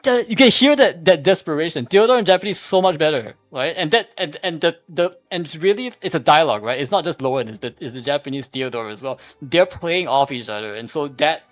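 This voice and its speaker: A man's voice: fairly high pitch, lively intonation, fairly quick, hardly any pauses, fairly bright tone, no echo, faint music behind. A man streaming casual commentary, arguing a point in a rambling way with many restarts and fillers. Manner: repeats "here's the thing" when making a point.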